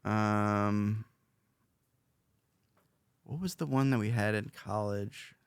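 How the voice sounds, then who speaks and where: A man's voice: lowish voice, takes it slowly, smooth, no room sound. A young man hosting a podcast, talking casually in a rambling, self-reflective way with many fillers and restarts. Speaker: podcast host, interviewed as guest.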